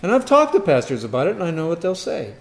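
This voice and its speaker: A man preaching a sermon, firing rhetorical questions and swinging from loud emphasis to quiet asides. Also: a little high, wildly swooping pitch, quick pace, slight background noise.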